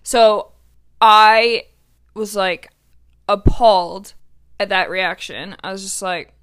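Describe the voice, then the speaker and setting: A woman's voice: mid-range voice, fairly even intonation, slow pace, fairly bright tone, smooth. Chatty young woman venting. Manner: chatty, lots of "like", blunt and profane. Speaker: podcast host. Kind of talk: candid personal storytelling.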